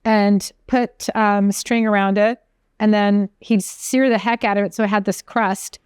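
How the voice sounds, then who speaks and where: Woman chef, podcast co-host, chatty rambling storyteller, smooth crisp voice, dry close mic. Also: mid-range voice, measured pace, no room sound. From from an Italian American family. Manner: chatty, animated storyteller, trails off mid-sentence. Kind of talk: casual chat.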